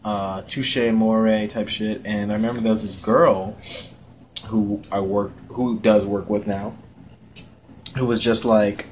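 A man's voice: fairly low pitch, fairly even intonation, a little slow, slight background noise. A man co-hosting a podcast in casual chat, rambling and profane, getting worked up when he rants. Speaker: podcast co-host.

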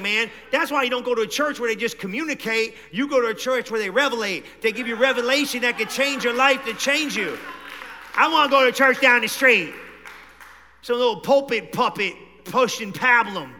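A man preaches a lively sermon, dropping into low, quick asides and then climbing into shouts. His voice sits high and rings very bright. A long reverb trails every phrase. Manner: animated preaching, swings from low talk to shouting. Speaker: pastor. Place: church hall.

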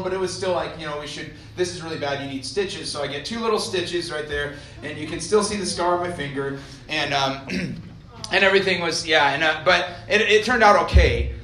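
A young man from Idaho gives a relaxed storytelling sermon to a college crowd, chatty and self-deprecating. His voice sits a little high and sounds bright and forceful, carried by a roomy echo with a faint hum of ambience behind it. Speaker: college ministry director preaching. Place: college meeting hall. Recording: echoey hall.

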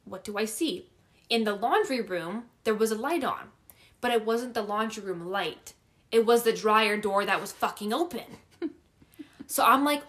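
Laughing and cursing nonstop, a young woman shares an eerie story about her basement in a relaxed, animated chat. Her voice is mid-range and her pace moderate.

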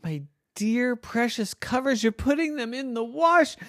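A man's voice: a little slow, fairly bright tone, no echo, clean studio sound, heavily acted. A man voicing a squealing, whiny little boy. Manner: high, squealing and indignant. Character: whiny lazy little boy who loves his bed.

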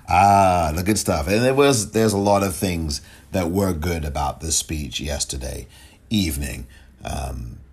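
A man's voice: low voice, a little mellow, slightly rough. A man hosting his own podcast, talking alone with emphatic rhetorical questions and now and then tripping over his words. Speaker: podcast host. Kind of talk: solo podcast commentary.

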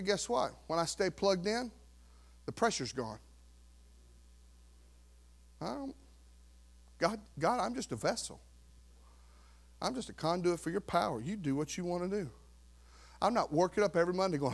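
A pastor preaching a sermon, swinging from quiet asides to loud exhortation and acting out worried churchgoers. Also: male voice, high-pitched, very animated, unhurried, gravelly, pauses often. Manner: acts out worried churchgoers in quoted voices.

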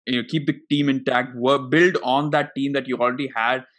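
A man of middle pitch hosts a podcast and interviews his guests in relaxed chat. His questions run long and wander, padded with fillers as he works his way to the point. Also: a little fast. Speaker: podcast host.

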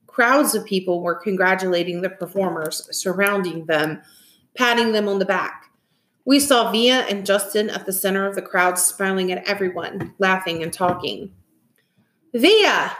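A woman reads a novel aloud with lively, expressive delivery. Her pitch sits in the middle of the range. The recording has a roomy echo. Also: moderate pace. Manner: expressive, animated reading. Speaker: reader. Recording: echoey room.

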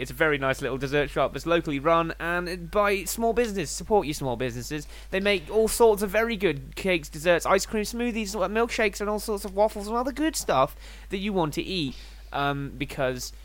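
A man's voice: fairly high pitch, a bit bright. A young British man co-hosting a comedy podcast, joking, swearing and laughing often. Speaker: podcast co-host. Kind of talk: casual comedic podcast banter.

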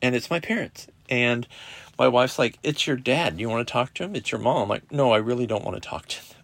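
A middle-aged man hosting a podcast, telling a personal story in a casual, profane, animated way with lots of quoted dialogue. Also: medium pitch, fairly quick, creaky, dry recording. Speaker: podcast host. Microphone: podcast app recording.

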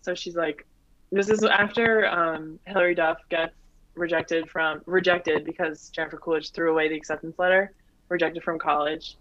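A young woman in her twenties chatting casually as a comedian guest, full of fillers and quick laughs. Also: low-pitched, steady tone, a bit bright. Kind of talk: casual chat. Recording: dull lo-fi, dry.

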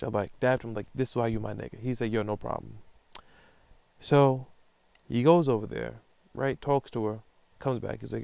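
New podcast host, thirties, animated slangy monologue, gravelly and close-miked. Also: male voice, mid-range voice, moderate pace, dry recording. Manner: slangy, profane, animated retelling. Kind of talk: casual storytelling monologue.

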